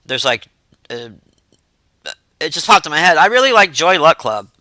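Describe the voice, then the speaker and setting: A woman's voice: sits low, very animated, normal speed, bright, forceful tone, no echo. A woman hosting a livestream, chatting loosely and reacting to messages from her chat. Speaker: livestream host.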